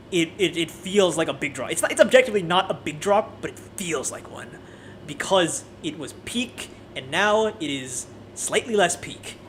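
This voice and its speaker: High-voiced man ranting casually. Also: a little hiss or hum. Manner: animated, profane, frequent restarts. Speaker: anime video creator.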